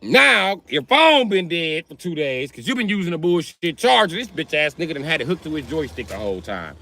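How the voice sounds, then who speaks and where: A man on a livestream telling profane, animated comic stories. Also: a little high, fairly quick, gravelly, dry recording. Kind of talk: comedic livestream rant.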